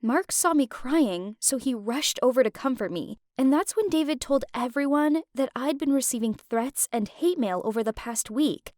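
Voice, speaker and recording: High-voiced young woman narrating her story. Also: a little mellow, no room sound, studio quality. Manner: emotional and confiding. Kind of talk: first-person story narration.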